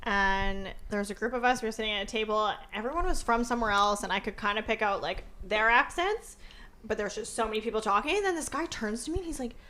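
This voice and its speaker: A woman from Canada chatting casually on a podcast, talking fast and searching for names. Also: a little high, bright, forceful tone. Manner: quick, chatty, trails off to look things up. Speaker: podcast guest. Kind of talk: casual chat.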